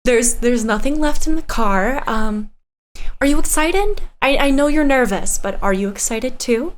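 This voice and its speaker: A woman voicing a caring high-elf doctor mother who speaks formally and gently. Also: lively intonation, a little slow. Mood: tender, proper. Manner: formal, gentle, a little stiff.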